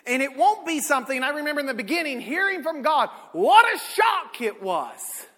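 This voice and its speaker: A man, preaching a sermon with folksy stories, swinging from shouted peaks to low asides. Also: very animated, normal speed. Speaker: pastor. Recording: echoey hall.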